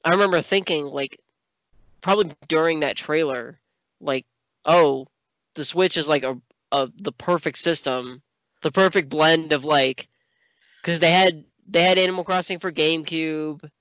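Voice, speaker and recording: A man co-hosting a podcast in casual chat, animated and peppered with "like", swearing when outraged. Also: a little high, normal speed, no echo, highs cut off. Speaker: podcast co-host.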